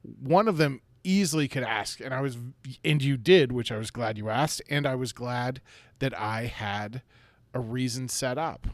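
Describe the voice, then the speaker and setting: A man's voice: medium pitch, a little slow, no echo. A man co-hosting a casual podcast, talking through his game-master ideas with many restarts. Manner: hesitant, restarts often. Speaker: podcast co-host, dungeon master. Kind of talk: casual chat.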